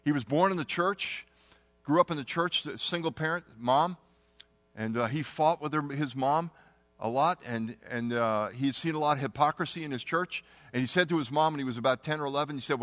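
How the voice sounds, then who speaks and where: A middle-aged man telling a personal testimony story, earnest and often dropping to a hushed tone. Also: a little high, fairly quick, dry recording. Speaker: testimony speaker.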